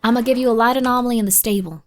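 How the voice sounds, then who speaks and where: Racing along in a slightly high voice, a woman plays a creepy game on a live stream and jokes around with viewers. Quiet whispers mark her searching, broken by excited outbursts.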